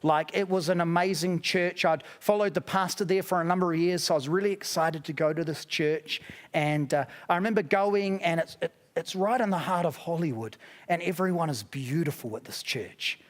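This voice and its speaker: High-voiced New Zealand pastor preaching. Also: male voice, moderate pace. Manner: conversational storytelling with self-deprecating humor. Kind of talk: sermon. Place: church auditorium.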